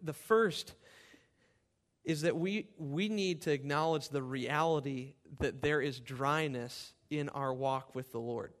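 Impassioned man preaching a sermon. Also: slow pace. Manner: impassioned scripture reading, rising in pitch and volume. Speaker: pastor.

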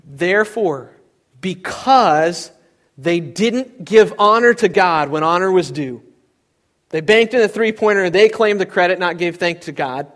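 A young adult man preaching a sermon with plenty of animation, his pitch sitting a bit high for a man. He tells stories, swings his voice up and down widely, and acts out other people's voices as he goes. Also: measured pace. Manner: animated storytelling, acting out voices. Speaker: pastor.

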